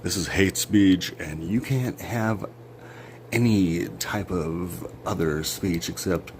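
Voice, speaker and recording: A man's voice: low-pitched, slow pace, darkish tone, a little hiss or hum. A man ranting into his phone or camera in a rambling, sarcastic monologue, swearing a lot and breaking into laughs. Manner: profane, sarcastic, jumpy rants with sudden laughs. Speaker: vlogger.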